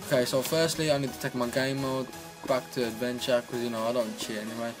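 A man's voice: medium pitch, level tone, quick pace, over music. A man giving casual, joking commentary on his own gameplay, chatting away and talking to himself at a desk microphone. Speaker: gaming channel host.

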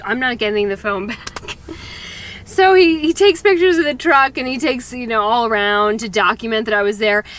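Woman travel vlogger, high voice, animated storyteller who acts out quotes. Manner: animated, self-mocking, laughs often; quotes people in acted voices. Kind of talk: casual storytelling vlog.

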